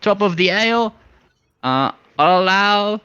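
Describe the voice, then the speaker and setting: Voice this one as a brash adult male flying pony from a tabletop game, as a player puts him on, high and bouncy with a bright, sharp edge. He pleads and flatters at full volume, and it comes through a dull, lo-fi recording. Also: measured pace, clear, resonant tone, no room sound, full character voice. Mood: coaxing.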